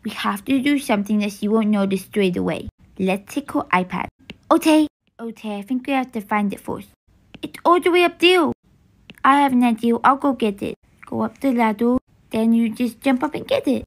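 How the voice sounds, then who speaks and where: A woman voicing a mischievous young boy twin in a toy-game role-play. He speaks eagerly and loudly and pushes his sister to join his pranks. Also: fairly high pitch, moderate pace. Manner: eager, loud and pushy.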